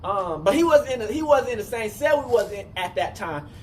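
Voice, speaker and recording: A man casually telling a rambling, profane story, full of fillers and restarts. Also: fairly quick. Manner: rambling, animated, profane, repeats "you know what I'm saying". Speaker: storyteller recounting a jail fight. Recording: distant mic with faint rumble.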